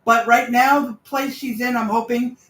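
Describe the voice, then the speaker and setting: A woman's voice: fairly high pitch, steady tone, normal speed, fairly bright tone. A woman in her forties chatting casually on a livestream, rambling in trailing asides and greeting viewers. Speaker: livestream host.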